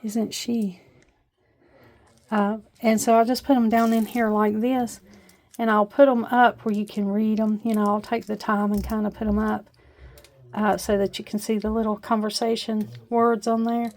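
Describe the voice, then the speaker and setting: A woman's voice: mid-range voice, level tone, normal speed, a little mellow. A woman at home in her kitchen with an Appalachian accent, chatting homily through her decorations in a casual vlog. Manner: homey, chatty, with frequent uh fillers. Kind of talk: casual show-and-tell vlog.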